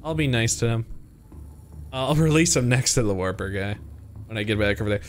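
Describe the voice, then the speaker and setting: A man's voice: mid-range voice, expressive, fairly quick. A young man streaming a game, chatting playfully to his viewers and to the creatures on screen. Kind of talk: casual gameplay commentary.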